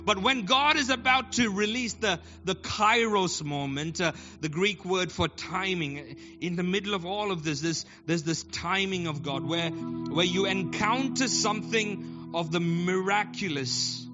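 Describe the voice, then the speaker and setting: A man preaching a passionate sermon in church. He repeats phrases and builds to shouted and half-sung declarations. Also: sits high, unhurried. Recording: dull lo-fi recording with keyboard music. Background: live keyboard playing.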